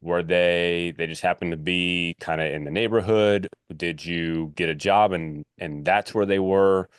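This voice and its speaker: A man with a very low voice hosts a relaxed interview. He thinks out loud as he talks, with plenty of "uh" and "like" between his points. The sound is dry and close to the mic. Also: measured pace, clean tone, no room sound. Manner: loose, thinks aloud, lots of "uh" and "like". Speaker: podcast host. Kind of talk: casual interview chat.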